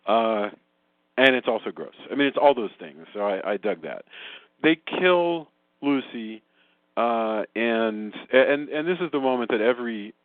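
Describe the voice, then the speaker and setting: A man co-hosting a podcast, chatting casually about a movie with rambling restarts and sudden pitch jumps. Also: lively intonation, a little slow, no echo. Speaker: podcast co-host. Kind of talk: casual movie review chat. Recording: dry tinny phone-like audio.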